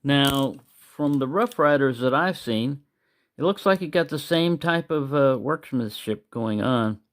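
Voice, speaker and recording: A man's voice: mid-range voice, expressive, unhurried. A man hosting his own channel, talking in a loose, meandering way in a casual monologue. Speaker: knife collector and channel host.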